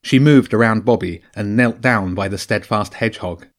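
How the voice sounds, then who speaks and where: A man narrating a children's adventure audiobook with a lively, expressive reading. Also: lowish voice, moderate pace. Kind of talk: storybook narration.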